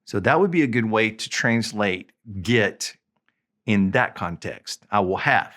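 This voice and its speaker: A man teaching a recorded language lesson, with a voice that rises and falls a lot. He explains patiently and repeats examples slowly and clearly. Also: lowish voice, animated, fairly bright tone.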